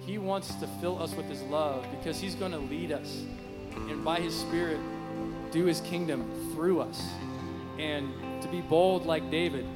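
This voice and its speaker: Fervent pastor over soft worship music. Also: male voice, fairly high pitch, a little slow, long reverb tail. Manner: rambling, improvised, building to fervent loudness. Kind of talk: unscripted sermon. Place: church sanctuary. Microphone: handheld mic.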